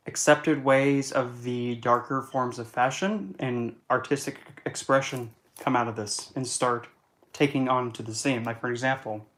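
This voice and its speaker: A man talks loosely and bluntly in a casual monologue. He jokes darkly and keeps correcting himself as he goes. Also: medium pitch. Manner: chatty and blunt, darkly joking, self-correcting. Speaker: occult and astrology vlogger.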